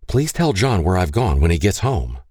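A man voicing a graceful young woman who speaks in a calm, caring way. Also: sits low, moderate pace, husky, no echo, clean studio sound, heavily acted. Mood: urgent. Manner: soothing.

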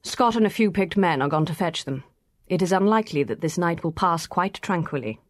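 A woman's voice: fairly low pitch, animated, brisk, dry recording, clean studio sound, close to an everyday voice. A woman reading the part of a stern middle-aged clergyman who talks brusquely, like an officer chiding his men. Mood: commanding.

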